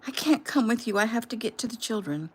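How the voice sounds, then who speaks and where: A woman voicing a frantic, grieving young woman who cries out in high, pleading bursts. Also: animated, fast, husky.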